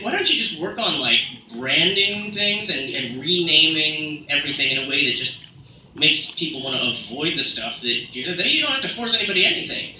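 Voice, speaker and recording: A man's voice: a little high, pushed and bright, a little hiss or hum. A man doing a rambling stand-up comedy set, full of fillers and asides. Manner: rambling, many fillers, slips into put-on British accents. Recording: roomy sound from a distant mic, faint ambience.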